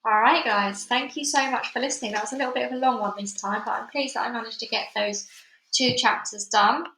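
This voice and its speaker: Bright-voiced woman reading a story aloud. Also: fairly high pitch, fairly even intonation, a little fast, a little hiss or hum. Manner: chatty, informal sign-off. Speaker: storybook reader. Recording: echoey room.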